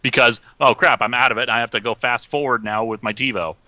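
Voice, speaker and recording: A man's voice: medium pitch, steady tone, fast talker, sharp tone, dry recording. A man talking as a guest in casual chat, earnest and analytical. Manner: earnest, analytical film talk.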